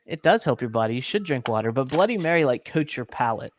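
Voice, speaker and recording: A man's voice: mid-range voice, lively intonation, fast talker, a little hiss or hum. A man hosting a casual live-streamed cooking chat, upbeat and talkative, reading out viewers' comments as he goes. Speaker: host.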